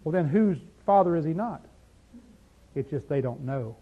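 A man preaching a sermon, swinging between loud emphatic peaks and low quiet asides, full of rhetorical questions. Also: lively intonation, moderate pace, slightly rough. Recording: dull lo-fi sound.

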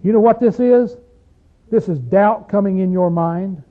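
A man preaching a sermon, asking his listeners questions and swinging between loud stretches and hushed ones. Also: high voice, unhurried. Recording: tinny phone-like sound.

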